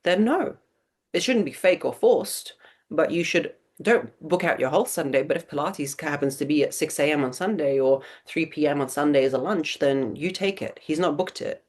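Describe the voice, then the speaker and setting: A woman's voice: low-pitched, moderate pace, a little mellow. A woman in her thirties hosting a live webinar Q&A, answering viewer questions with blunt, emphatic advice and lots of rhetorical questions.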